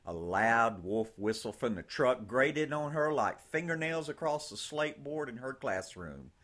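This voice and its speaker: A man reading an audiobook in slow, measured scripted narration. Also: medium pitch, lively intonation, fairly bright tone.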